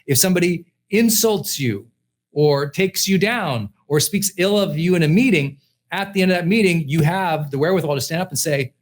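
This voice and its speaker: A man's voice: on the high side, moderate pace. A middle-aged man, a personal development coach, giving an emphatic motivational class lecture and repeating his key points.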